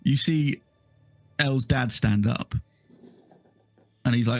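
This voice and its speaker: A man narrating as game master of a tabletop game, relaxed and asking his players what they do. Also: medium pitch, slow pace, pauses often, dry recording, clean studio sound. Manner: relaxed, asks players questions.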